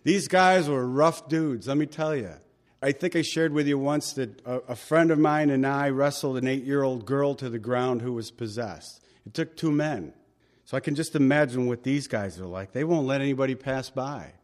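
A man's voice: mid-range voice, moderate pace. A male pastor giving a verse-by-verse Bible teaching sermon, conversational and emphatic, with chatty asides to the congregation.

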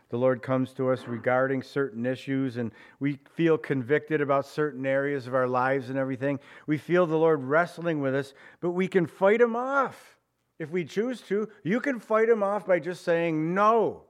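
A man preaching a sermon, moving between raised, emphatic phrases and quiet, slowed ones, and voicing prayers and quoted speech in his own voice. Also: fairly high pitch. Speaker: pastor.

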